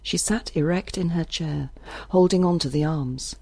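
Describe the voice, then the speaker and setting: A woman narrating an audiobook in a measured, expressive reading. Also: low voice, creaky, breathy edge, no echo.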